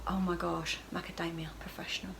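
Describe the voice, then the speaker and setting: A woman's voice: fairly low pitch, flat delivery, fairly quick, vocal fry, noisy background. A woman talking through her day in a chatty, rambling vlog diary with self-mocking asides. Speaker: vlogger.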